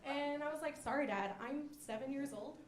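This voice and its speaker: A woman's voice: high-pitched, normal speed. A young woman performing a stand-up comedy set, telling self-deprecating stories with many fillers. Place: comedy club stage. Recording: roomy club sound with audience laughter.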